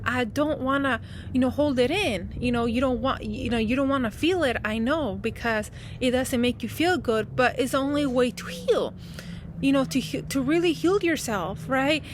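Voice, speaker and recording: A woman's voice: high-pitched, normal speed, background noise. A woman talking outdoors as a spiritual coach in a casual, heartfelt vlog, rambling and comforting with many fillers.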